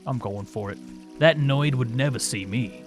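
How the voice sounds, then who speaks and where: A man's voice: mid-range voice, normal speed, faint music behind. A man doing casual live-stream commentary while playing, rambling and joking with his viewers and swearing now and then. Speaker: game streamer.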